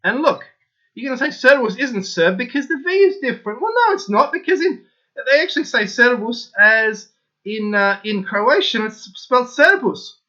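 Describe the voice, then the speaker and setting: A man hosting his own channel, giving an opinionated solo monologue to his viewers in an excitable, insistent way that keeps circling back to the same points. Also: very high voice, normal speed, lo-fi sound. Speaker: channel host.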